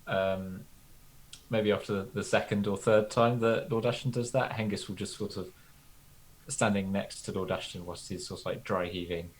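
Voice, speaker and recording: Casting: male tabletop player, very low voice, formal, stammers a bit. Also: steady tone, moderate pace, a little hiss or hum, rough recording. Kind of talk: in-character tabletop play.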